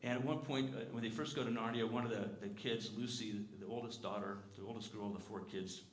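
A man's voice: on the low side, fairly even intonation, quick pace. A male pastor preaching a sermon in a church, earnest and conversational, asking the congregation questions and sometimes stumbling over repeated words. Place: church sanctuary. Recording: echoey church sanctuary.

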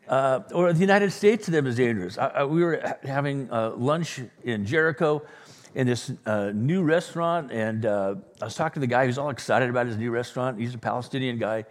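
Joking pastor in a reverberant hall. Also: male voice, medium pitch, expressive, moderate pace. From Southern California. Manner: joking, with sudden loud bursts and trailing quiet asides. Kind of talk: sermon.

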